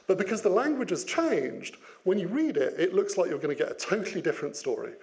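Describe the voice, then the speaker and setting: A man giving an interactive business talk, lively and playful, putting questions to his audience. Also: sits high, fast talker. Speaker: business speaker.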